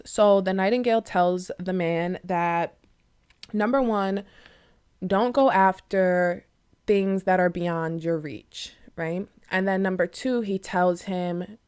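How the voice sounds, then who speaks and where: A woman's voice: medium pitch, lively intonation, unhurried, darkish tone, clean tone. A woman chatting casually as she retells a fable and reads oracle cards, rambling with many fillers and tag questions. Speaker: tarot and oracle card reader. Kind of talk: casual storytelling and card reading.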